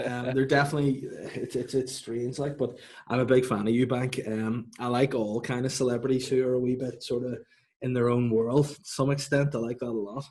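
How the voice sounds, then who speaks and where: A man's voice: mid-range voice, flat delivery, fairly quick, a little mellow. A man trades jokes on a comedy podcast. He talks in a casual, rambling way and laughs a lot. Now and then he slips into silly put-on voices. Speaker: podcast co-host.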